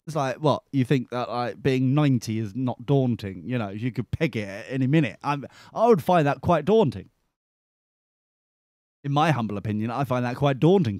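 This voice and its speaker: A man's voice: medium pitch, darkish tone, dry recording, clean studio sound. A man hosting a podcast, giving sarcastic, exasperated commentary over a news clip. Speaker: podcast host.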